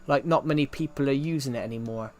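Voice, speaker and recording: A man's voice: medium pitch, quick pace, darkish tone. A young man from the UK with a British accent that is not from London. He chats casually on a game live stream, rambling, repeating himself and saying "um" often. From United Kingdom. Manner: rambling, repeats himself, frequent "um" and "if you get what I mean".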